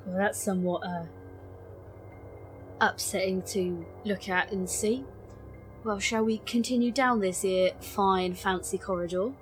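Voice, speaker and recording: A woman playing a tabletop game chats casually and leans on "like" fillers. Her pitch sits in the middle, and soft music runs quietly underneath. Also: fairly even intonation, unhurried. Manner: chatty, filler-heavy. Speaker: player.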